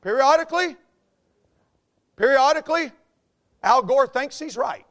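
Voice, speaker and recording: A man with a Southern US accent, preaching a folksy, joking sermon as a pastor, swinging between quiet asides and loud outbursts. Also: very high-pitched, expressive, measured pace. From American South.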